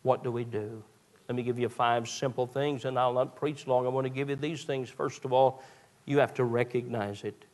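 A male pastor, preaching a sermon that moves from quiet storytelling to raised, fervent preaching. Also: medium pitch, steady tone, moderate pace.

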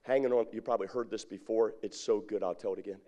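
A man's voice: on the low side, fairly even intonation, quick pace, mellow. A middle-aged man preaching a sermon as pastor, drawing his congregation in with call-and-response questions.

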